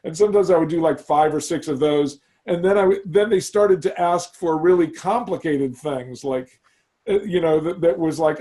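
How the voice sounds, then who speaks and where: A middle-aged man, a guest in a casual interview, tells long stories in a rambling way and often restarts his sentences. His voice sits a little high for a man. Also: moderate pace. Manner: rambling, animated storyteller with many restarts. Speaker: guest, animation creator.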